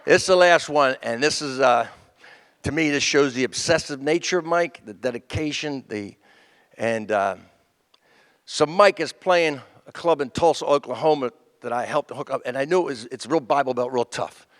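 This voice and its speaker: A man telling a stand-up tribute story on a comedy stage, acting out the people in it with lively voices. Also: mid-range voice, normal speed. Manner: animated, acts out the people in his stories. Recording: long hall reverb.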